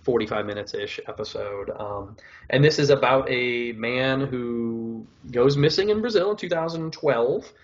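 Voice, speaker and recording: The recording is muffled, and the man's medium-pitched voice moves at a normal speed. As one of a podcast's co-hosts, he rambles through a casual chat about shows, leaning heavily on filler words like "like" and "whatever."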